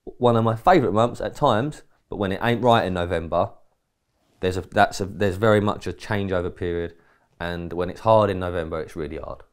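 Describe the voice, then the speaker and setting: Speaking briskly in a very deep, low register, an English podcast co-host meanders through a casual story. He breaks into quoted lines now and again and swears occasionally.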